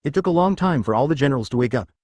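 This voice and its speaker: Fast synthetic male narrator. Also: mid-range voice, no echo, studio quality. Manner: even, mechanical reading with odd misreadings.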